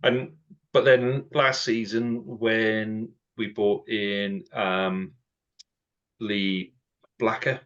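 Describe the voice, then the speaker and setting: A middle-aged man hosting a podcast, telling lively stories and peppering them with "right?" and "you know". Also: lowish voice, drawn-out words. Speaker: podcast host. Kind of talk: casual podcast chat. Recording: dull lo-fi audio.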